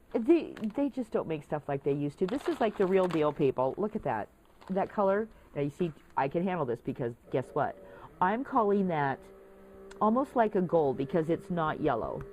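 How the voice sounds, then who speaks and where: A woman's voice: fairly low pitch, darkish tone, a little hiss or hum. A woman vlogging casually, chatty and gushing as she shows off craft supplies to her viewers. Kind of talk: casual show-and-tell vlog.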